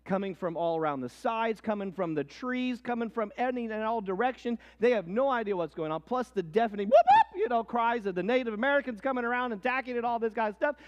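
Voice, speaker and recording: A man teaching a history lesson as a lively story, swinging between hushed and excited delivery. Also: extremely high pitch, quick pace, few pauses. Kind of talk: animated history lesson with acted quotes. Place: church hall. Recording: long hall reverb.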